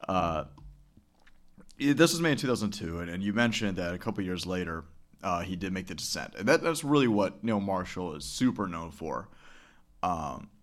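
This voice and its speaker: A man with a very low, deep voice chats casually as a podcast co-host. He rambles, swears freely and breaks into laughter often. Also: sing-song, moderate pace. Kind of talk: casual chat.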